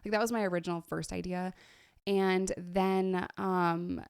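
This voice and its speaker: Chatty gravelly woman reacting to old clips. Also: fairly low pitch, little pitch movement, unhurried, darkish tone, dry recording, clean studio sound. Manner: chatty, laughs often, drops to whispers. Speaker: YouTuber in recovery. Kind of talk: casual reaction vlog.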